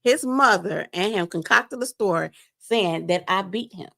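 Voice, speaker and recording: A woman telling a painful personal story on a live stream, animated and speaking straight to her listeners. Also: medium pitch, a little slow, vocal fry. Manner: animated, acts out quoted voices, addresses listeners as "you all". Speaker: guest sharing a testimony. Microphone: remote stream mic.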